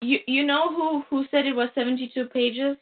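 A woman with a fairly high voice chats animatedly through a comic recap, laughing as she goes. The sound is thin and tinny, like it came over a phone line. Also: steady tone, normal speed. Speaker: podcast co-host. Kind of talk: casual comic book chat and recap.

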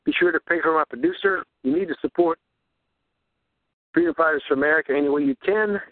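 Guy preaching on his radio show, fervent and repetitive, highish voice, tinny phone-line sound. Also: quick pace, no echo. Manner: fervent, repetitive, rising to high pitch on rhetorical questions. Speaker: radio host. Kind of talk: rambling preaching monologue. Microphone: handheld recorder.

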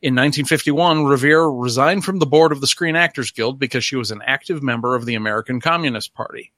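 A man co-hosting a podcast, reading out trivia notes and slipping in deadpan gags. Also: mid-range voice, fast, dry recording. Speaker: podcast co-host. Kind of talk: reading notes in casual chat.

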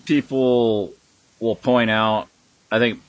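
A man's voice: medium pitch, fairly even intonation, slow pace, no echo. A man hosting a podcast in casual chat, rambling and swearing with emphatic bursts. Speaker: podcast host.

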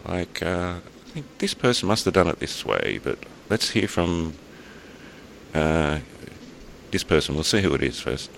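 A man's voice: deep voice, very animated, a little slow, gravelly, a bit bright, a little hiss or hum. An Australian man co-hosting a podcast, rambling in an easygoing, casual chat. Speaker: podcast co-host.

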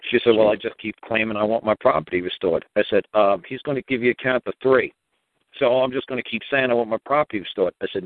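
A man's voice: lowish voice, fast talker, dry recording. A man calling in and telling a story at length in an emphatic, rambling way. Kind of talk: casual phone-in talk. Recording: tinny phone line, dry.

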